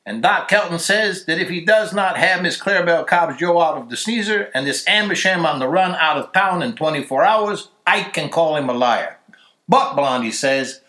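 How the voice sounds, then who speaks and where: Lively man reading a story aloud. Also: fairly high pitch, moderate pace, roomy sound. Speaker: story reader. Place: church.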